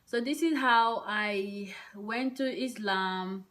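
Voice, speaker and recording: A woman vlogger telling a personal story in a casual, rambling way, full of hesitant fillers and soft whispered asides. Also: medium pitch, slow pace.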